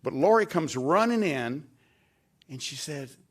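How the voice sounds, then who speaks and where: At a podium in an event hall, an older former staff member delivers a tribute at a dedication event, speaking a little slowly in a slightly high, expressive voice. He tells folksy stories and performs quoted lines with a raised voice.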